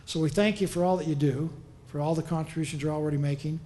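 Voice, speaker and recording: A man's voice: a little high, steady tone, fast, dark tone. A man giving an earnest, upbeat public speech as a governor at a press conference. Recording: echoey room, faint noise.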